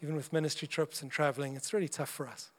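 A man's voice: a little high, flat delivery, quick pace. A man and father preaching a sermon to a congregation, chatty and humorous, often acting out little dialogues as he goes. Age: adult parent of young children.

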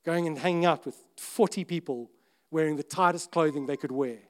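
Male pastor, high-ish voice, sermon delivery that is chatty and earnest, with restarts and bursts of volume. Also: brisk. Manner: earnest, conversational, with self-interrupting restarts and sudden rises in volume.

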